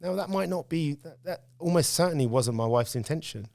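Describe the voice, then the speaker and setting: A man's voice: fairly high pitch, animated, brisk, gravelly, darkish tone, no echo. A man, speaking as a podcast guest and telling candid stories about his own life in casual conversation. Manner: candid storytelling, reflective.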